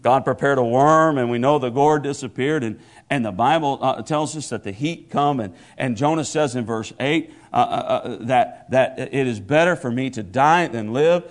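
A man's voice: mid-range voice, normal speed, few pauses. A man preaching a sermon, stumbling over repeated words and rising into emphatic proclamations. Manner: stammering restarts, builds to emphatic proclamations.

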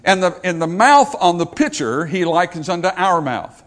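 A man's voice: high voice, sing-song, moderate pace, fairly bright tone. A male pastor preaching a sermon, joking with the congregation and asking them questions.

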